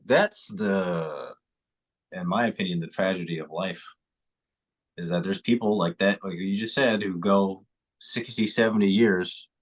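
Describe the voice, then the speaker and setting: A man co-hosting a podcast in casual chat, reflective and rambling, with casual swearing. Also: deep voice. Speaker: podcast co-host.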